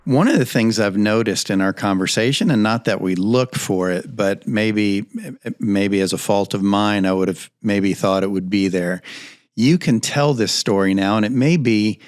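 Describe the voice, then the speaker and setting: Man, podcast co-host, lowish voice, probing questions, tentative and thoughtful. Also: moderate pace, dry recording, studio quality. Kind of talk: interview questions.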